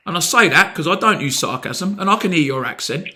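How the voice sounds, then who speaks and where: A man's voice: on the high side, expressive, brisk, pushed and bright. A British man making a heated, blunt complaint on a phone call, pressing and sarcastic. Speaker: complaining customer.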